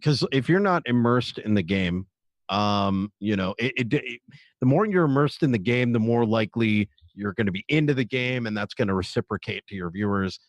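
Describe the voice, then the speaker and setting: A man's voice: lowish voice, lively intonation, moderate pace, dry recording. Hesitant man with a dry sound. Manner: hesitant, many fillers and restarts. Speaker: streamer panelist. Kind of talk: casual panel chat.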